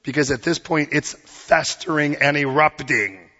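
Husky-voiced man preaching in a hall. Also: a little high, unhurried, pushed and bright, muffled recording. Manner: earnest, plain-spoken, quotes scripture, acts out voices. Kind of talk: sermon.

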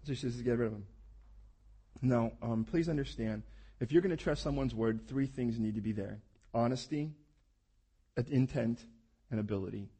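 A man's voice: mid-range voice, normal speed, mellow, breathy edge. A man preaching a sermon in a conversational, explaining way, acting out the scripture stories as he goes. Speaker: pastor.

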